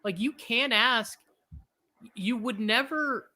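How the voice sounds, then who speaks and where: A man's voice: very high-pitched, takes it slowly, sharp tone. A man co-hosting a basketball watch party, talking casually with rambling asides and self-mocking jokes. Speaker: co-host of a sports watch party. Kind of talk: casual live game commentary.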